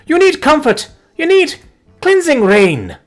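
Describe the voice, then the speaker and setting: A man's voice: very high-pitched, wildly swooping pitch, slow, soft background music, pitched above the performer's own voice, heavily acted. A man voicing a cheerful, theatrical female witch who talks in delighted, dramatic cries.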